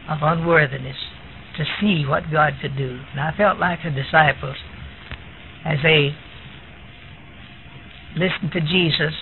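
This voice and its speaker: A man's voice: a little high, gravelly. A man preaching a sermon, telling a testimony story in a plain storytelling way. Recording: tinny lo-fi recording with faint hiss.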